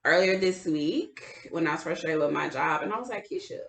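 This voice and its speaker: A woman's voice: sits low, animated, brisk, vocal fry, a crowd in the background. A woman co-hosting a podcast in casual chat, telling a candid, profane story about her own life. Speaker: podcast co-host. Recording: echoey room.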